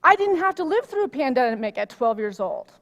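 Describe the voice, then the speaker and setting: A middle-aged woman minister preaching in a chatty, storytelling way, her voice fairly high and lively. She gets loud and animated as the story builds. A long reverb from the church hall trails behind her. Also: brisk. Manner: animated storytelling, rising loud when worked up. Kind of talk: conversational sermon. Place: church sanctuary.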